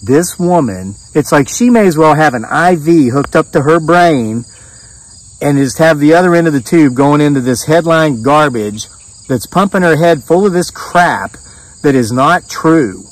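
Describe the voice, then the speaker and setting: A man's voice: on the high side, moderate pace, dry recording, distant mic, poor audio. A middle-aged man telling a rambling story as a homesteading vlogger, with restarts and bits of quoted dialogue. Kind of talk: casual storytelling monologue. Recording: voice set back from the mic.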